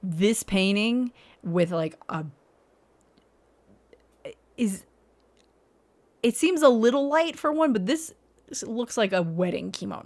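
A woman streaming live and reacting to house listings, unhurried but theatrically outraged. She swears freely, laughs between lines and keeps asking "why" at the screen. Her pitch sits in a middle range for a woman. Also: lively intonation, a little mellow. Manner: exasperated and mock-outraged, swearing, laughing often; reacting aloud, asking rhetorical questions.

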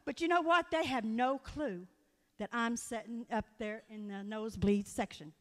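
A woman's voice: on the high side, normal speed. A woman delivering a folksy, earnest sermon in church, telling stories and appealing directly to her listeners. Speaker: guest speaker at church. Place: church sanctuary. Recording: long hall reverb.

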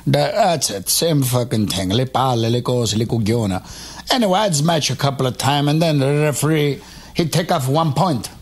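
An actor playing a brash, foul-mouthed boxer with an Italian accent in a comedy radio sketch. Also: male voice, medium pitch, slightly rough. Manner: swears constantly, brash and mocking. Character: crude Italian boxer, loud, insulting, boastful.

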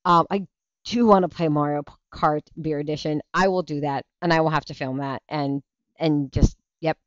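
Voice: mid-range voice, fairly even intonation, normal speed, smooth, no room sound, muffled recording. A tired parent hosting a casual livestream, rambling chattily through viewer comments with plenty of restarts and easy laughs. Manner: rambling, chatty, self-interrupting, laughs easily. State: tired, yawning. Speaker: livestream show host; parent of young kids.

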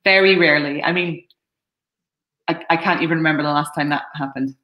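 A woman's voice: deep voice, brisk, lo-fi sound. Woman agent speaking in a roomy echo. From Scotland. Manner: frank, practical, a little hesitant with restarts. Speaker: talent agent, guest. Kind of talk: live-streamed Q&A answers.

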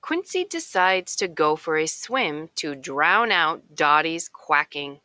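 Slow, expressive woman reading a picture book. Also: low voice, no echo. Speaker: narrator. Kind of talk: children's picture book read-aloud.

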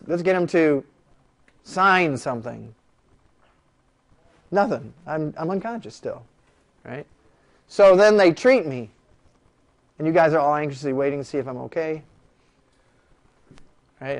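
In a classroom lecture, a law lecturer with a slightly high-sitting voice keeps the mood animated and joking. He repeatedly throws rhetorical questions at his students.

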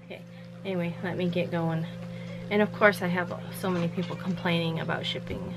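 A woman's voice: lowish voice, fairly even intonation, a little fast, over loud music, low-quality recording. A woman chatting casually from home in a rambling vlog, laughing often. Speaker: vlogger running a shirt business.

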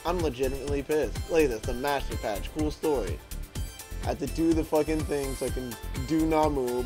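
A man's voice: medium pitch, fairly quick, a little mellow. A man hosting a gaming channel who gives profane let's-play commentary and rants and swears whenever the game goes against him. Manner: swearing, frustrated ranting. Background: game music.

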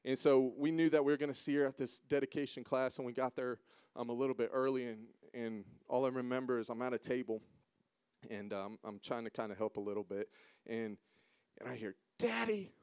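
Guy preaching at church, mid pitch, gets quiet then loud, emotional story, dry sound. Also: little pitch movement, brisk, clear, resonant tone, no room sound. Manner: emotional, swings from hushed to loud. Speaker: guest speaker at church. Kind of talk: storytelling sermon. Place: church auditorium.

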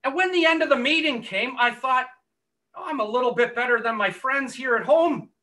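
A man giving an earnest gospel testimony, telling his story and dropping low and quiet for quoted words. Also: normal speed, distant mic. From Canada.

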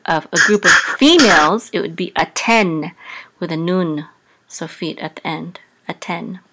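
A woman teaching a casual Hebrew reading lesson, sounding out letters slowly with many pauses and ums. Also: sharp tone. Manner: slow, deliberate, with many ums, sings the trope marks on a higher pitch.

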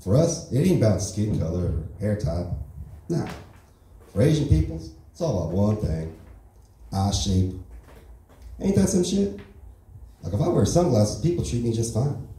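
A man's voice: on the low side, big pitch swings, normal speed, pauses often, mellow. A man with a Texan accent doing a crude, brash, swaggering stand-up set. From Texas. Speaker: stand-up comedian. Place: comedy club stage. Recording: echoey room from far off.

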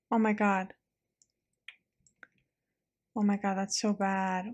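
A woman giving casual let's-play game commentary, chatty and excitable, quick to laugh. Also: on the high side.

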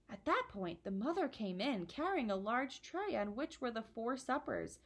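A woman reads a children's book aloud. Her reading is warm and expressive. Her voice sits a bit high and moves around in a lively way. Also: normal speed, few pauses. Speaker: storyteller.

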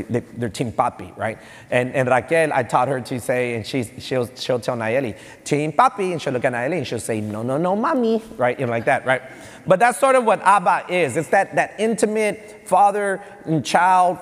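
Texan pastor preaching in a reverberant church. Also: male voice, a little high. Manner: animated preaching, rising to emphatic peaks. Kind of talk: sermon. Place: church hall.

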